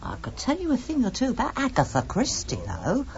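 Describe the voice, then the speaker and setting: A woman's voice: fairly high pitch, wildly swooping pitch, a little fast, a little mellow, muffled recording. An actress in a radio drama playing a proud, gossipy older housekeeper fond of her sherry.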